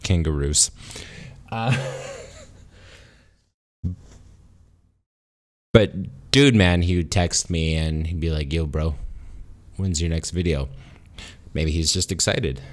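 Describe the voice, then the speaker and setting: Deep-voiced and animated, a man delivers an unscripted solo vlog after a beer that has left him a little tipsy. He rambles, jokes at his own expense, and keeps pausing and restarting.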